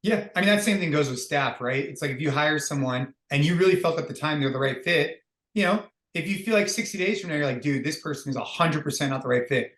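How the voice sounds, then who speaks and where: A man's voice: a little high, fast talker, a bit bright. A man hosting a casual podcast chat as a fitness business founder, upbeat and reflective, talking in loose restarts. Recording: roomy echo.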